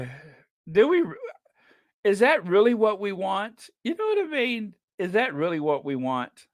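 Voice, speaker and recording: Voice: medium pitch, very animated, moderate pace, no echo, clean studio sound. A livestream host reading the chat in a casual, chatty way, laughing often and stretching out repeated no's.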